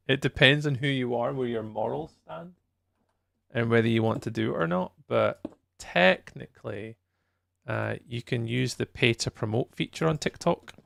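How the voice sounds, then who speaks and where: A Scottish man chats casually with viewers while streaming a game live, rambling and laughing easily. His mid-range voice has vocal fry and a fairly bright tone, recorded at studio quality with no room sound.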